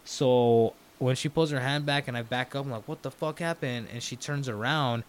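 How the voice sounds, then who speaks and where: Here a young man appears as a podcast guest, speaking at moderate speed in a medium pitch. His casual storytelling is animated and loaded with swearing, and he voices quoted lines as if playing the characters.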